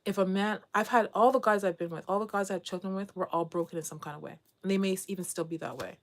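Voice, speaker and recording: A woman's voice: mid-range voice, quick pace. A middle-aged woman vlogging casually to camera, talking candidly and rambling with frequent restarts.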